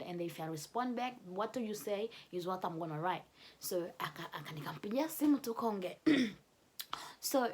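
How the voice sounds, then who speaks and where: A young woman telling a personal story to camera in a casual, animated way, often laughing. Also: medium pitch. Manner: animated, laughing, switches between English and Swahili. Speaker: vlogger telling her love story.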